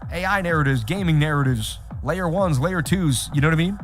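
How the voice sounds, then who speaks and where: A man hosting a live trading stream, talking straight to his chat in an animated, repetitive way. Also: fairly high pitch, a little fast, soft background music. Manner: animated, repeats himself, talks straight to chat. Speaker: livestream host. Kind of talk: casual livestream chat.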